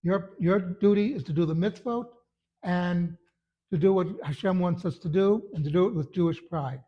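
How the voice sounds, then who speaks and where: A man's voice: high voice, normal speed, lo-fi sound. A man who is a religious teacher, giving a short Torah talk in an earnest, emphatic storytelling manner.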